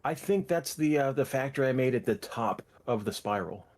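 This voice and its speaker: A man's voice: mid-range voice, lively intonation, fairly quick, darkish tone. A man chatting while playing a game with a friend, laid-back and a little hesitant. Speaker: co-player. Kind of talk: casual gaming chat. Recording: game sounds under voice.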